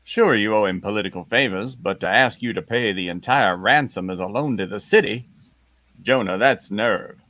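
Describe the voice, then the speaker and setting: Brief: man reading a steady editor, lowish voice, dry close sound. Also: moderate pace, no echo. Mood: incredulous. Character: calm male newspaper editor.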